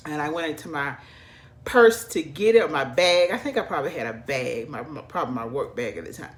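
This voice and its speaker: Low-voiced woman telling a story. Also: fairly quick. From American South. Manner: animated, chatty, addresses viewers as y'all. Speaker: vlogger. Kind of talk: casual storytelling.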